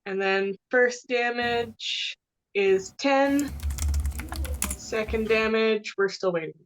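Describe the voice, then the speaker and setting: A woman's voice: on the high side, expressive, slow, slight background noise, poor audio. A woman playing a tabletop game, calling out her rolls in an upbeat way. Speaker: player.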